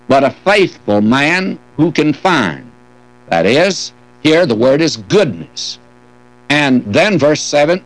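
Older man teaching scripture with lively pitch. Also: slow, low-quality recording. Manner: folksy, homespun asides with gentle humor; reads verses aloud in old King James wording. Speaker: Bible teacher. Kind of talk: expository Bible teaching.

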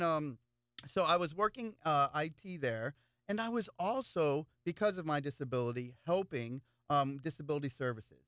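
In a clear, resonant, fairly high voice, a local political candidate swaps stories in a relaxed interview, repeating words often as he animatedly goes along. The studio recording is clean and echo-free.

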